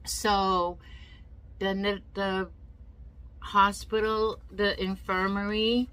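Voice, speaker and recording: A woman's voice: mid-range voice, little pitch movement, extremely slow, fairly bright tone, smooth, poor audio. A woman telling a personal story in a casual vlog, emotional and indignant, often repeating herself. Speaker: vlogger.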